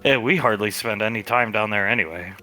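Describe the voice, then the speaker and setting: A man's voice: fairly low pitch, a little fast, pushed and bright, soft background music. A man playing a tabletop role-play game on a live stream, narrating actions and speaking lines in character.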